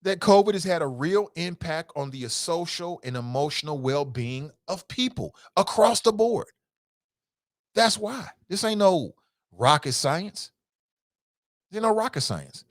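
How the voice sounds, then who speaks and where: Animated talk show host man, dry mic. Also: fairly high pitch, a little slow, no echo. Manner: animated, emphatic, rises sharply when incredulous; conversational, repeats himself for emphasis. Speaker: talk show host reading listener comments. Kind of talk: casual call-in talk show commentary.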